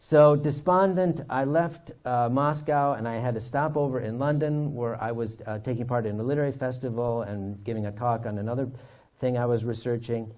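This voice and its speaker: A man, an author and historian, telling stories from his research in a lively anecdotal way. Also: mid-range voice, brisk. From United States. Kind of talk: storytelling talk.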